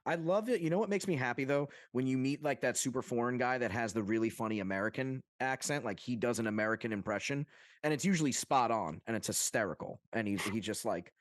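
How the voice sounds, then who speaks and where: A man co-hosting a podcast from Long Island, New York, talking in a casual chat that is excitable and rambling, with casual swearing. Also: medium pitch, fast talker, dry recording, studio quality. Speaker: podcast co-host.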